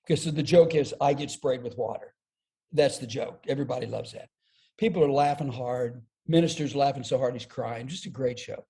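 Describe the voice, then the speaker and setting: Older man, mellow, animated storyteller. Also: mid-range voice, fairly quick. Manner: lively, self-deprecating storyteller who acts out quotes. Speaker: podcast guest, comedian and speaker. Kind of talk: storytelling an anecdote.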